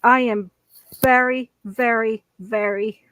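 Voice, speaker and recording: A woman with a somewhat high voice talks very slowly, breaking off and restarting her sentences. Her apology comes across as hesitant and halting. The recording is dry, with no room sound. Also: fairly even intonation, fairly bright tone, dry recording, rough recording. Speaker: vlogger. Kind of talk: apology video.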